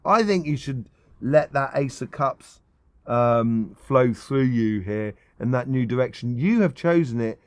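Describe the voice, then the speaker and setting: A man's voice: mid-range voice, animated, a little slow, a little mellow. A middle-aged man giving a casual tarot reading, enthusiastic and rambling, with many ums and restarts. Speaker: tarot reader.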